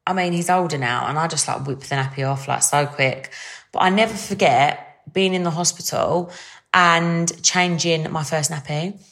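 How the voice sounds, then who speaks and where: A woman's voice: sits low, moderate pace, fairly bright tone. A young woman hosting a casual solo podcast, chatty and bubbly, with lots of fillers. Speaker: podcast host.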